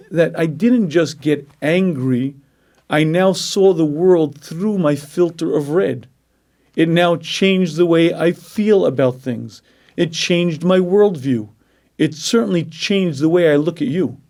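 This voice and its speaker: A man giving a Jewish ethics lecture, clearing his throat often and acting out inner voices as he teaches. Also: on the high side. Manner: animated, acts out inner voices. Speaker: Torah lecturer.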